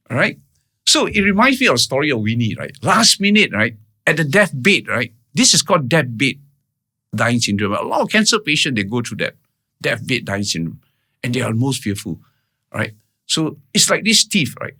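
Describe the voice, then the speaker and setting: A man's voice: medium pitch, very animated, normal speed, pushed and bright. A man speaking as a guest in an interview, telling a personal story in earnest, plain words and often checking in with "right?". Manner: keeps checking in with "right?" and "all right?"; earnest, plain-spoken retelling.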